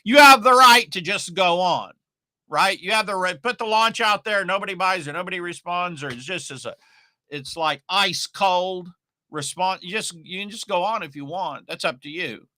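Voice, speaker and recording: A man's voice: high voice, moderate pace, sharp tone, no room sound. A man teaching online marketing on a live stream, talking in an emphatic, repetitive, folksy way.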